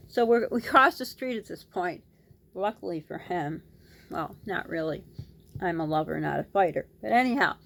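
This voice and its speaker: A middle-aged woman and mother vlogging, telling a story in a casual, scattered way and talking with her hands. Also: medium pitch. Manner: scattered, talks with her hands, animated retelling. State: dry lips.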